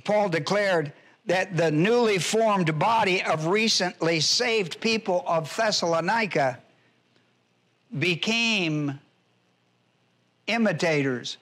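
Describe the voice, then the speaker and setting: Pastor, man, higher-pitched, teaching verse by verse with heavy emphasis and repetition. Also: takes it slowly, long pauses, fairly bright tone. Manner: emphatic, repeats key phrases, spells out Greek words. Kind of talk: expository Bible teaching.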